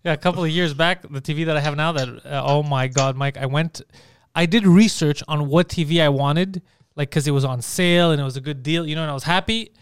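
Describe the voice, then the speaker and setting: A man casually telling a profane, animated story, acting out the people he quotes. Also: on the high side, fairly quick, clean tone, no room sound. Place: Montreal area.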